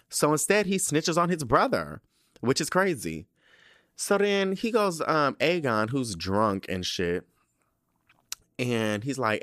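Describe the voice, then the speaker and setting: A man hosting a podcast, recapping a TV episode in an animated, profane, sassy storytelling way. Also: on the low side, a little slow, no room sound, studio quality. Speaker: podcast host.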